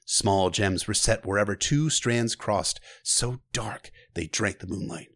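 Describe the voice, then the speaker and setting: A man's voice: fairly low pitch, measured pace, a bit bright, no echo. A man casually recapping a book, with swearing asides.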